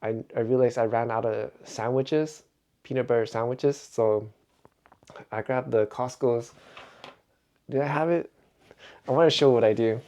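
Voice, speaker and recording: A man's voice: medium pitch, a little slow, long pauses, warm tone. A middle-aged man vlogging in a rambling, reflective way, chuckling often as he talks. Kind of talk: casual vlog monologue.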